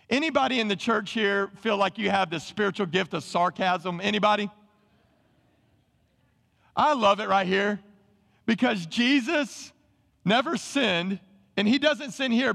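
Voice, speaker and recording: A man preaching a sermon to his church, animated and calling on the congregation to answer. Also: high voice, creaky, long reverb tail. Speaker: pastor. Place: church sanctuary.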